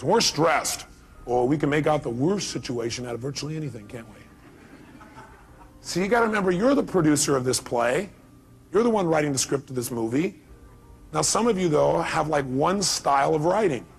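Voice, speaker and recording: A high-voiced man delivering a motivational seminar speech. He speaks emphatically and keeps tossing rhetorical questions to his listeners. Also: expressive, fairly quick, vocal fry, slightly rough.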